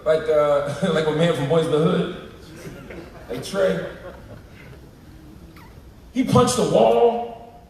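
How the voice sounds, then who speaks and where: A man giving an animated public speech to a live audience, emphatic and preacher-like with slang asides, heard in a livestream. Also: fairly high pitch, slow, pauses often. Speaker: keynote speaker. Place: large lecture hall at an event. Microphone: live stream filmed from the audience. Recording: echoey hall, from far off, livestream.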